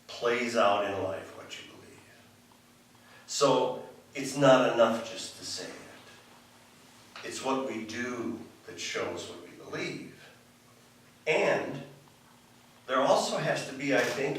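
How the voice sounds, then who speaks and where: A man's voice: medium pitch, fairly bright tone, very echoey, far from the mic, poor audio. A man preaching a sermon in a loose, conversational way, full of restarts and asides. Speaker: pastor. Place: church sanctuary.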